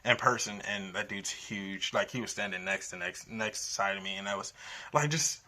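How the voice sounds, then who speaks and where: A man with a somewhat low voice and a hard, forceful edge gives a rambling, impassioned rant as a sports fan. He presses his points with emphasis and restarts his sentences often. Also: normal speed.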